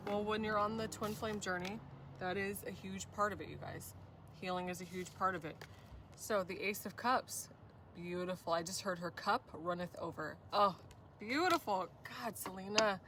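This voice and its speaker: A woman's voice: medium pitch, normal speed, recorded from a distance, background noise. A woman giving a spiritual tarot reading, gushing and effusive, often addressing viewers as "you guys". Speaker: tarot reader.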